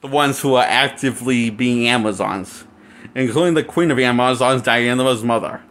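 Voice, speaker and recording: A man's voice: mid-range voice, moderate pace, fairly bright tone. A man in a crude, mocking, casual ranting review of a film, laughing at his own jokes. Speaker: movie reviewer.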